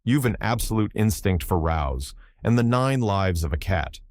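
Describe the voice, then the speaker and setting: A man's voice: on the low side, lively intonation, moderate pace, darkish tone, no echo, clean studio sound, close to an everyday voice. A man doing a hearty, roguish old friend. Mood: jovial. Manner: hearty, chuckling.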